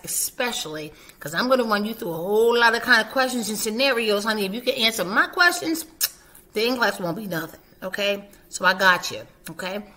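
A chatty middle-aged woman with a bright, clear voice talks straight to camera. She sounds like a nurse educator who reassures her students and keeps a casual, motherly tone. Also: mid-range voice. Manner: warm, chatty, emotional, reassuring. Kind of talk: casual vlog talk to camera.

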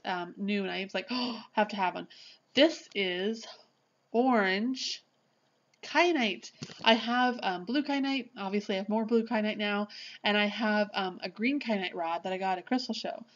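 A woman vlogger chatting casually through an unboxing, gushing and excitable, often apologizing as she shows things. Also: medium pitch, lo-fi sound, a little hiss or hum.

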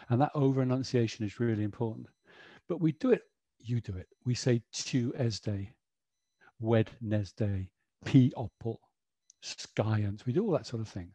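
A man's voice: mid-range voice, dark tone, breathy edge, no echo. A middle-aged man presenting an educational webinar, chatty and explanatory, often saying "you know".

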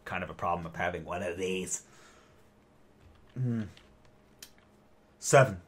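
A man's voice: low-pitched, little pitch movement, fast, fairly bright tone. A young man giving casual, self-deprecating commentary while playing a video game and reading its text aloud. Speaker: let's play host.

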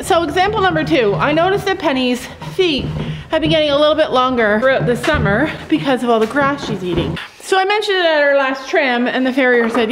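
Candid woman in her fifties, fairly high voice. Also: animated, a little fast, noisy background. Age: 50s. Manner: candid, reflective and emotional, breaking off to chat to animals. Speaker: farm vlogger. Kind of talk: casual vlog chat. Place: cold barn indoors.

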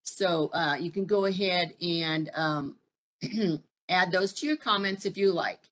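Low-voiced woman leading a workshop. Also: a bit bright, slight background noise. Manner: frequent fillers and pauses, asks the audience questions. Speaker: presenter at a military family program. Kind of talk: live-streamed workshop talk.

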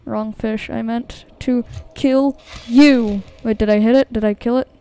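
A video game streamer, a woman, commentates her own let's-play gameplay and talks straight to her viewers. Her voice is on the high side, clear and resonant, with a warm, steady tone at a measured pace. She startles easily and nervously repeats herself.

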